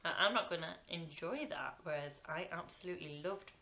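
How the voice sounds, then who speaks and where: A British woman in her twenties vlogs casually to camera, rambling with plenty of "um" and "like" and laughing easily. Her voice is deep and brisk, and the recording has its highs cut off.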